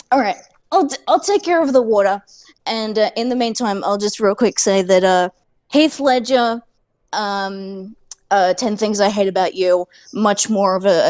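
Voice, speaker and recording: A woman's voice: mid-range voice, a little mellow. A woman at home talks casually on a tabletop game podcast. She takes her time and wanders from point to point. She teases herself and leans on plenty of fillers. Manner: rambling and self-mocking, full of fillers. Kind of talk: casual chat. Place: at home with cats nearby.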